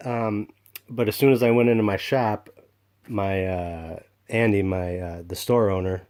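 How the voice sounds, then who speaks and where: A man casually showing off comic books in a rambling vlog, excited and full of fillers and restarts. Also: fairly low pitch, unhurried. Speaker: comic book collector vlogger. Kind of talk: casual show-and-tell vlog.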